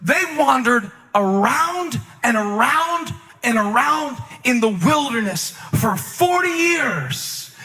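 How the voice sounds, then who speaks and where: A man preaching a sermon as a pastor, swinging between loud, sing-song peaks and hushed, low asides, with touches of humor. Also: very animated, takes it slowly, in a large hall.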